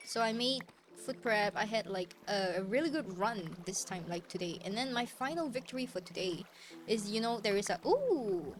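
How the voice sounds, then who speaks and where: A woman's voice: mid-range voice, background noise. A woman streamer chatting casually while gaming, ranting and swearing freely. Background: background music.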